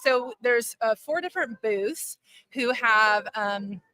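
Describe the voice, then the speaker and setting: A woman's voice: fairly high pitch, pushed and bright, no echo. Chatty woman at a conference booth. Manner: chatty, quick to laugh. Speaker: guest. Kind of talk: casual live chat. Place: conference hall.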